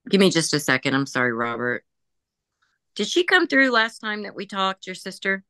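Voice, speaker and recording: A woman working as a psychic medium in a group reading, chatting casually, laughing and passing on messages in quick, informal speech. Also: medium pitch, very animated, bright, forceful tone, no room sound. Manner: chatty, laughing, relays messages in quoted voices.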